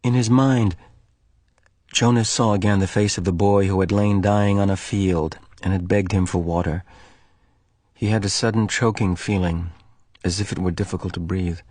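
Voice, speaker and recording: A male teacher reading a novel aloud to his class in an expressive, storytelling way. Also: sits low, moderate pace, dry recording.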